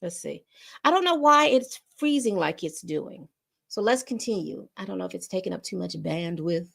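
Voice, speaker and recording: A woman's voice: lowish voice, animated, normal speed, gravelly. A woman hosting an entertainment commentary show, chatting casually and speaking straight to her viewers. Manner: chatty, addresses viewers directly.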